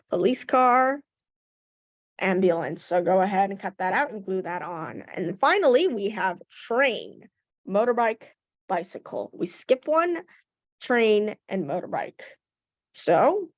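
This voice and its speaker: A woman's voice: mid-range voice, a little mellow, no echo. A woman teaching young children English phonics, patiently sounding out letters and praising answers. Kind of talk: slow phonics lesson to children. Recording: dull lo-fi recording.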